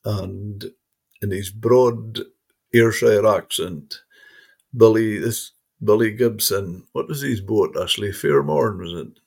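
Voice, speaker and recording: A man's voice: lowish voice, slow, vocal fry, darkish tone, husky. A man interviewing a guest, telling rambling anecdotes with frequent restarts. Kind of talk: casual reminiscing conversation.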